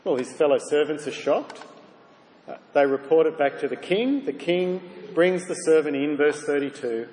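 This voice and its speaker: Guy giving a sermon, kinda high voice, long echo in a big hall, faint room hum. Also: animated, normal speed, darkish tone. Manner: earnest, direct address with rhetorical questions. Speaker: preacher. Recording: reverberant hall, faint ambience.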